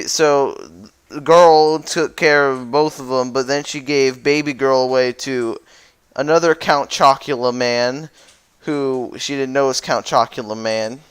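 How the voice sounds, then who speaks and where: A man's voice: medium pitch, clean tone. A young man casually and goofily recapping a story over a slideshow, rambling and correcting himself as he goes. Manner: rambling and goofy, with lots of fillers and self-corrections. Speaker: YouTuber.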